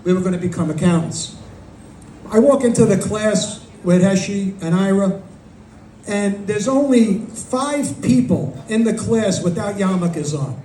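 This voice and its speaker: Older New York Italian man, high-pitched, dark tone, stand-up set, echoey room, mic at a distance. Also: a little slow, a little hiss or hum. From Brooklyn, New York. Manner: wisecracking, self-deprecating. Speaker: stand-up comic. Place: small bar open mic. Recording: roomy, distant mic, faint ambience.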